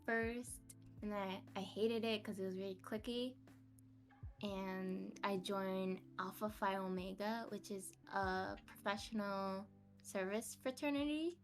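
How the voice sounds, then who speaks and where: Brief: young American woman as a podcast guest, unhurried and giggly, self-mocking. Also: mid-range voice, fairly even intonation, faint music behind. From United States. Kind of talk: casual interview chat.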